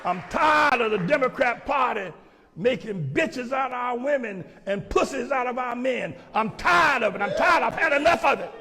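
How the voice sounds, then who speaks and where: A man preaching angrily from the pulpit, shouting his lines. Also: very high-pitched, lively intonation, moderate pace, big-room sound, a faint crowd, a little hiss or hum. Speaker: preacher in a clip.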